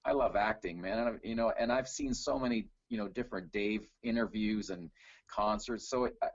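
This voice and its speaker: Man, middle-aged, from Canada, husky voice, dry dull lo-fi sound, easygoing storyteller. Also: on the low side, moderate pace, no room sound. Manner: relaxed storytelling with fillers. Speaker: guest, tribute singer. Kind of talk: casual video call interview.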